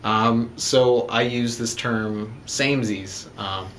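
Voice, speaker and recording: A young man tells a story in a loose, casual way, full of "you know" and "um". His voice sits at an ordinary middle pitch and he wanders from thought to thought. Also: fairly even intonation, slow, a bit bright, a little hiss or hum. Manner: rambling, many fillers like "you know" and "um". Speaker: groom-to-be telling the proposal story.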